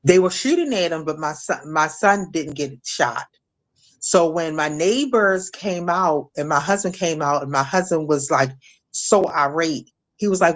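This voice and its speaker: A middle-aged woman from Maryland recounting a personal ordeal as an interview guest, halting with many restarts and fillers. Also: low voice, lively intonation. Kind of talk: emotional personal testimony.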